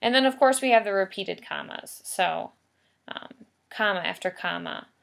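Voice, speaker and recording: In a recorded writing lesson, a woman teacher patiently explains each step, driving home the important points through repetition. Her mid-pitched voice has a gravelly fry at the edges, and she speaks at normal speed with lively intonation.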